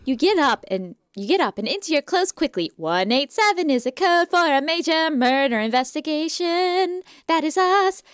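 A woman's voice: high-pitched, expressive, normal speed, few pauses, no echo, clean studio sound. A young woman playing a point-and-click game, chatting casually, reading the game text aloud and humming along. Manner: playful, sings and hums, reads game text aloud. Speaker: gaming streamer. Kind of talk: casual let's-play commentary.

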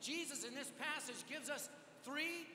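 A man preaching a sermon at a large event, telling a story with energetic, self-mocking humor. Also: very high-pitched, measured pace, slight background noise. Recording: echoey hall with live reverb.

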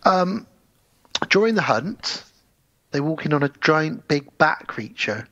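A man co-hosting a casual film review podcast, retelling scenes in an animated way and quoting characters in put-on voices. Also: fairly high pitch, slow pace, no room sound, lo-fi sound. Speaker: podcast co-host.

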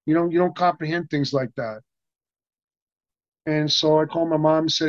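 An older man, an interview guest, telling stories in an animated, profane way, with lots of restarts and laughs. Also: fairly high pitch, normal speed, pauses often, no echo. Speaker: interview guest, stuntman and actor. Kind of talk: casual storytelling interview. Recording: muffled, dry sound.

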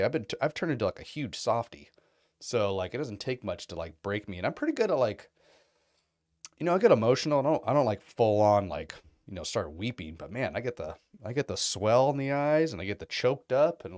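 A man with a low voice tells loose, rambling stories, swearing freely and leaning on fillers like "like" and "you know". He sounds close and dry, with no room echo at all. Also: very animated, fairly quick. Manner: rambling, profane storytelling with fillers; mimics other people in quoted bits. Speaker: vlogger. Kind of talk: casual chat.

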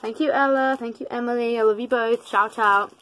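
A woman's voice: on the high side, steady tone, fairly quick, fairly bright tone, slight background noise. A teenage girl chatting casually in a vlog while opening gifts in her parents' bedroom, rambling and correcting herself with joking asides. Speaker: vlogger.

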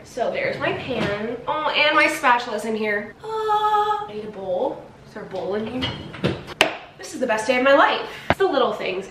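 A woman's voice: medium pitch, reverberant, heavy background noise. A woman in her twenties, chatty and giggly, narrating a casual vlog in her home kitchen. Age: 20s. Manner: chatty, giggly, gets teary with excitement. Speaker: vlogger.

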